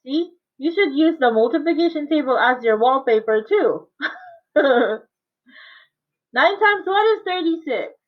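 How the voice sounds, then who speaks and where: A woman's voice: high-pitched, animated, unhurried. A woman math teacher teaching an online class, coaxing and quizzing her students and laughing often. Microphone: video call. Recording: tinny phone-like audio.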